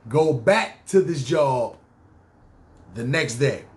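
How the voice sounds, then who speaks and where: A man with a New York accent telling his own story casually on a podcast, slangy and animated. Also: medium pitch, slow pace. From New York City.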